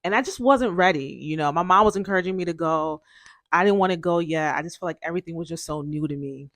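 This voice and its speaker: Young female podcast host, chatty storyteller, fillers and restarts, lower register, dry room. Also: fast, a bit bright, dry recording. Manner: chatty, frequent fillers and self-corrections.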